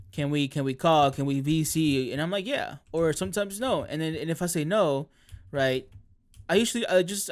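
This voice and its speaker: A man streaming, chatting casually in a rambling way, often correcting himself and laughing mid-sentence. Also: fairly high pitch. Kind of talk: casual chat.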